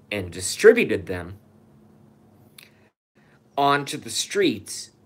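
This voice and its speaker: A man's voice: on the low side, fairly bright tone. A man hosting his online show from an apartment, ranting in a furious, profane, repetitive comedic conspiracy monologue into a phone. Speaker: YouTube show host.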